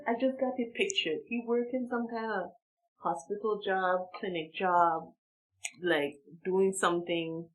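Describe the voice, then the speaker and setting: A woman from Saint Martin telling a story in a casual, animated way, laughing between lines and using lots of slang. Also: mid-range voice, rough recording. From Saint Martin, Dutch Caribbean.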